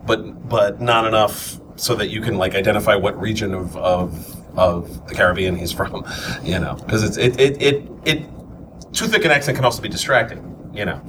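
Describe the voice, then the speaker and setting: A man from New York with a New York accent, a voice actor chatting casually and restarting often. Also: lowish voice. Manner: fast, stammering restarts. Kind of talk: casual chat. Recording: distant mic, noisy room.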